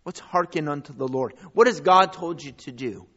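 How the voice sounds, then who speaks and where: Pastor guy preaching, bright sharp voice, gets loud then drops quiet, kinda muffled recording. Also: moderate pace. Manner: preaching with big swings in pitch and loudness. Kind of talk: sermon.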